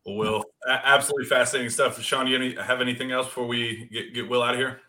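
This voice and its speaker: A man hosting a sports podcast, chatting casually, quick and enthusiastic. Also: medium pitch, little pitch movement, bright, forceful tone, slight background noise. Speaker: podcast host.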